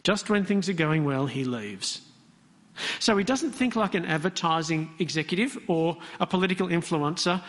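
Male preacher, conversational and questioning, slightly high voice, echoing hall. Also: animated, normal speed, a bit bright. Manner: conversational, asks the congregation questions. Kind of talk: interactive sermon. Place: church hall. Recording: long hall reverb.

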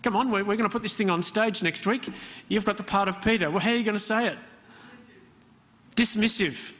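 Preacher in a reverberant church hall. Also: male voice, high voice, fast, fairly bright tone. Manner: conversational, asks the congregation questions. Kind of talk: interactive sermon.

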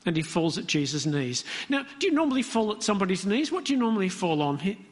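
Male preacher, conversational and questioning, slightly high voice, echoing hall. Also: big pitch swings, fast talker. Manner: conversational, asks the congregation questions. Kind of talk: interactive sermon. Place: church hall. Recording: long hall reverb.

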